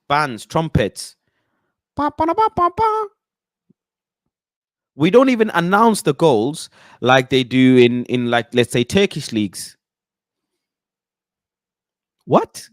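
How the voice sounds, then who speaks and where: A man from the UK hosting casual football chat, animated and slangy, often breaking into chants and impressions. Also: mid-range voice, takes it slowly, pauses often, dry recording. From United Kingdom. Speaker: football channel host.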